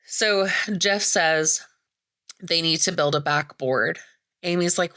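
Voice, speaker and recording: Slow, low-voiced woman recapping a movie. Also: sharp tone, clear, resonant tone. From American Midwest. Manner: chatty, swears freely, acts out characters' lines. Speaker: podcast host.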